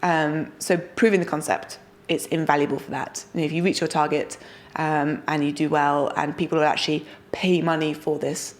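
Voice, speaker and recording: Young woman founder: low voice, energetic, enthusiastic delivery. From United Kingdom. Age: young adult. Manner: energetic, enthusiastic, quick asides. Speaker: startup founder and guest. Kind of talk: casual interview talk.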